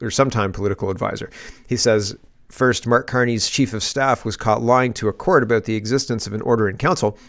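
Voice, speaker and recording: A man hosting an opinionated political commentary show, sarcastic and animated, laughing as he rants. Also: medium pitch.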